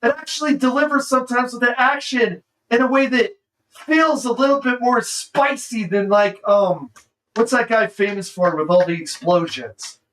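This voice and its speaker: A man streaming a casual movie reaction, excitable and saying "dude" constantly. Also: extremely high pitch, normal speed, far from the mic, rough recording.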